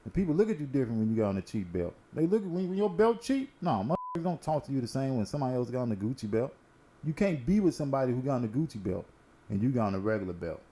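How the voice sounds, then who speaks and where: A man's voice: mid-range voice, big pitch swings, very fast, warm tone, a little hiss or hum. A man hosting a casual current-events talk, telling stories in a laid-back, slangy and profane way while smoking. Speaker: host.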